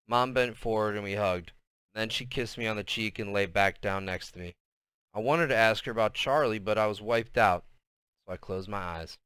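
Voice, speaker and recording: A man reads a novel aloud at an easy pace, now and then tripping on a word. His voice is bright and smooth. The recording is dry and close. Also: on the low side, no room sound. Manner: unhurried reading with small slips. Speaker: reader.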